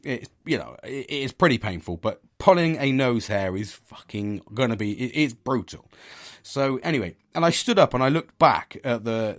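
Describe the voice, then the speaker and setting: A middle-aged man, talking candidly about his week in a rambling, sweary monologue full of restarts. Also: on the low side. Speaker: podcast host.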